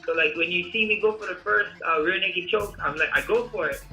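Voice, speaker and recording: Animated high-voiced man telling a fight story. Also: brisk, soft background music, poor audio. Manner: animated storytelling, frequent fillers. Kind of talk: casual interview.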